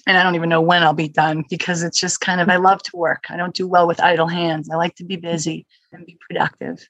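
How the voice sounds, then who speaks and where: A woman who manages hospital security, chatting as a podcast guest and telling stories with lively acted-out quotes. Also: lowish voice, quick pace, no echo, poor audio. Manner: lively storyteller who acts out quoted exchanges. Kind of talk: casual interview chat.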